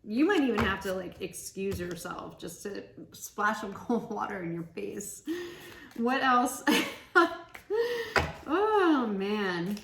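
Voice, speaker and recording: Woman tarot reader, giggly, chatty, gravelly fry, echoey room, faint hiss. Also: mid-range voice, expressive, slow pace, a bit bright. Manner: giggly and chatty, laughing often. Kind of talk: casual pick-a-card tarot reading.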